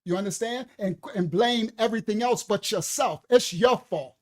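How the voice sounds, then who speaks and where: A minister preaching to a live audience, sternly scolding a commenter. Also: male voice, high voice, moderate pace. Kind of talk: livestreamed preaching.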